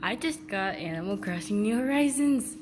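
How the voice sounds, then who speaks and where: A woman's voice: mid-range voice, lively intonation, moderate pace, background noise. A young woman filming a casual unboxing vlog on her phone at home, giddy and giggly, rambling with lots of fillers. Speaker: vlogger. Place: upstairs room at home. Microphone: phone held by the speaker.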